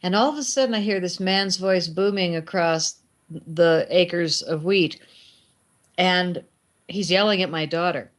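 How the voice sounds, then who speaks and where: A middle-aged woman, a guest filmmaker, telling animated anecdotes in casual talk and acting out the lines of the people in them. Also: lowish voice, measured pace. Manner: animated anecdotes with acted quotes. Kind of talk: casual storytelling.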